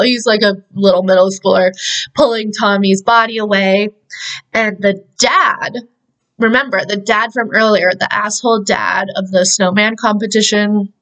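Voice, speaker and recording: A woman's voice: medium pitch, fairly bright tone, low-quality recording. A young woman hosting a podcast, casually recapping a movie in a chatty, profane way, with lots of "like". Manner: chatty, profane, heavy use of "like". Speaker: podcast host.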